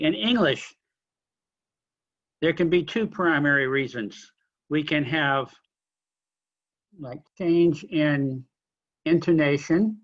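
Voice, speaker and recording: A man lecturing a linguistics class, explaining question forms slowly with examples and apologizing for being unclear. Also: on the high side, a bit bright, dull audio. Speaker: linguistics instructor.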